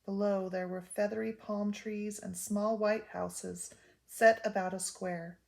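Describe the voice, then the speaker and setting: An older woman reading a children's book aloud in a gentle, measured storytelling voice. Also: medium pitch, little pitch movement, creaky.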